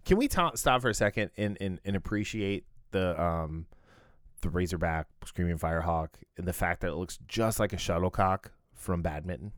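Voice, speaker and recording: A man's voice: low voice, normal speed, no room sound. Chatty man recapping a show, dry sound. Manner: rambling recap with fillers and restarts. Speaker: podcast co-host. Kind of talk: casual chat.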